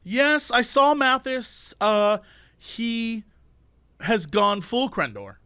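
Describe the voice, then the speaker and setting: High, bright-voiced ranting man. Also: slow pace, smooth, dry recording. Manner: animated ranting storyteller. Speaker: podcast co-host. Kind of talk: casual chat.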